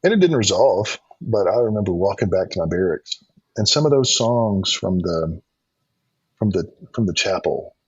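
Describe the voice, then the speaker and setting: A man's voice: deep voice, animated, normal speed, a little mellow, breathy edge, no echo. A middle-aged man telling a personal faith story in conversation, earnest, with frequent restarts and ums. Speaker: podcast guest. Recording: dull lo-fi sound.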